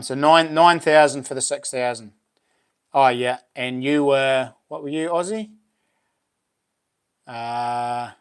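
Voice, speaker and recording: A man hosting a casual livestream chat, laughing often and reacting excitedly to viewers. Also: mid-range voice, smooth. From New Zealand. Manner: chatty, laughs often, exclaims. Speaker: livestream host.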